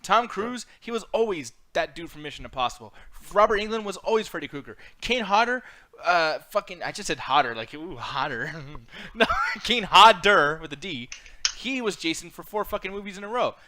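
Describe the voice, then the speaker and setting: Bright-voiced, rambling podcast co-host man. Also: high voice, sing-song, a little fast. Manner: rambling, profane, laughs a lot. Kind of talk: casual chat.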